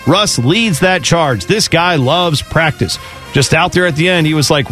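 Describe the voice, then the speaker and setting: A man's voice: a little high, a little slow, fairly bright tone, faint music behind. A man hosting a casual sports radio show, opinionated and chatty, slipping into mocking voices when he quotes people. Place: radio studio.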